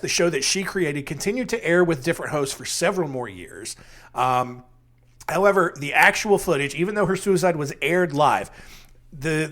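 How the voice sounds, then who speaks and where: Chatty man host, slightly high voice. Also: a bit bright. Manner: conversational, many "uh" fillers, wry asides. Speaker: podcast host. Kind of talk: casual storytelling podcast.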